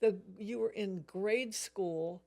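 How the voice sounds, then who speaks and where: A woman's voice: mid-range voice, slow pace, vocal fry, dark tone. An older woman, the host's mother as a podcast guest, chatting casually, laughing often and exclaiming in disbelief. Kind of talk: casual chat.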